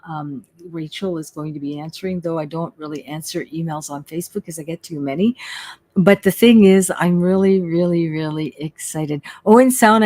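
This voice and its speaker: A middle-aged woman, a psychic medium, chatting on her live stream in a bubbly, excitable way and repeating herself. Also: fairly low pitch, dry recording. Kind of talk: casual live-stream chat.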